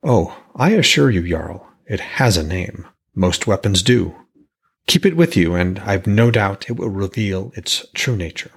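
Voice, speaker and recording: An eager, reassuring smith speaks with a gravelly, husky low voice, put on by a male narrator. The storybook figure sounds lively and keen. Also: a little slow, heavily acted.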